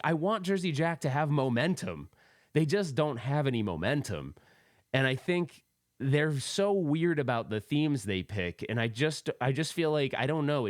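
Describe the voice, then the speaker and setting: A man's voice: medium pitch, no echo, studio quality. A man in his forties from the East Coast with a faint accent, hosting a casual solo podcast and rambling with self-amused laughs. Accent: faint East Coast American. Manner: rambling, laughs at himself, loose fillers. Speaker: podcast host.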